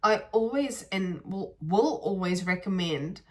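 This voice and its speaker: A woman's voice: medium pitch, measured pace, recorded from a distance. A woman talks through a reflective podcast episode in a loose, chatty way. She speaks earnestly and straight to her listeners, checking in with them as she goes. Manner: chatty, earnest, addresses listeners as guys, frequent "like" and "right". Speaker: podcast host. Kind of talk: casual reflective talk to camera.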